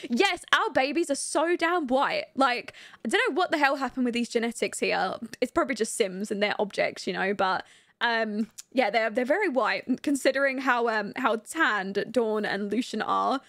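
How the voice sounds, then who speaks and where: A woman's voice: a little high, moderate pace, a bit bright, dry recording, clean studio sound. A young woman giving chatty, giggly commentary on her life-sim game and talking to her viewers. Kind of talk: casual gameplay commentary.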